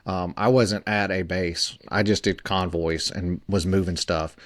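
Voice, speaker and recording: A man in his forties, a podcast co-host, telling a story in a halting way with many fillers and restarts. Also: deep voice, steady tone, no room sound, studio quality.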